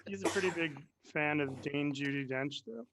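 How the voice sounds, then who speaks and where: A man from Michigan trades self-deprecating jokes in a relaxed comedy chat. His voice sits a little high, and loud noise hisses under the video call. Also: normal speed. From Michigan, USA. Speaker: comedian guest.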